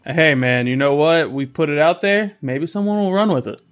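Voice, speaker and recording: A man co-hosting a comedy podcast in a loose, joking way. His voice sits a little high. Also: moderate pace, soft background music. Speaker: podcast co-host. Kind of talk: casual comedy chat.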